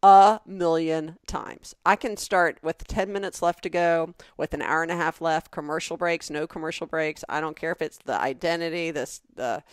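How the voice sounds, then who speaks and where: A middle-aged Southern woman, a podcast co-host, chatting and telling stories with lively quoted voices. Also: sits low, moderate pace, hardly any pauses, clean tone, no room sound, studio quality. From American South. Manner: animated storytelling with quoted voices. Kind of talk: casual chat.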